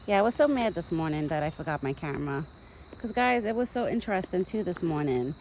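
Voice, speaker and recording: Feeding a deer in her rural yard, a young vlogger chats to her phone camera in a fairly low, slightly mellow voice with vocal fry, lively intonation, and a brisk pace. She rambles and addresses the animal fondly. The poor audio has slight background noise from insects and the countryside.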